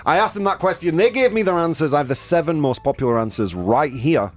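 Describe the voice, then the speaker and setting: A man hosting a casual live-streamed chat show, jokey and animated, reading viewer comments aloud. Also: fairly high pitch, quick pace, few pauses, faint music behind. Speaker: show host.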